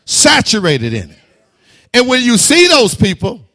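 A man preaching a fervent sermon, building to shouts, stammering and repeating words, with laughing asides. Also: very high voice, huge pitch swings, unhurried.

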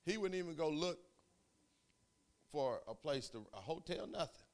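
A man preaching, telling a story in a sermon, swinging from quiet asides to shouting. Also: on the high side, lively intonation, normal speed. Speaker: pastor.

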